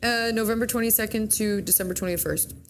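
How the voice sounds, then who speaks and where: This woman speaks fast in a voice on the high side, chatting breezily as a morning-show co-host while she reads the horoscopes. She fumbles lines and corrects herself along the way. A faint hiss or hum sits underneath.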